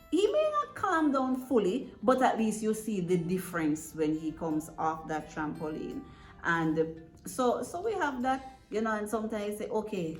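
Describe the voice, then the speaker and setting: A woman giving earnest, direct advice to parents, often checking in with "right?". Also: on the low side. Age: adult parent. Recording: echoey room with faint music.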